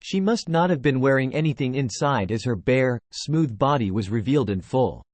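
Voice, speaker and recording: A man narrating a web novel in a plain, steady reading. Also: mid-range voice, normal speed, dry recording. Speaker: audiobook narrator.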